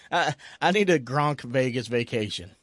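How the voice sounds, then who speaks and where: A man's voice: medium pitch, unhurried, dry recording. Hyped sports host guy, laughs constantly, stammers, dry close sound. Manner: excitable, laughs often, stammers and repeats words. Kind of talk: casual sports chat.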